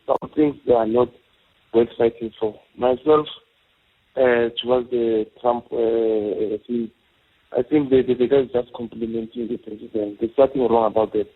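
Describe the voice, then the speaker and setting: A South African man calling in to a radio show, speaking haltingly with many hesitations. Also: medium pitch, steady tone, husky. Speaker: caller. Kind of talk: casual radio call-in chat. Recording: tinny phone line.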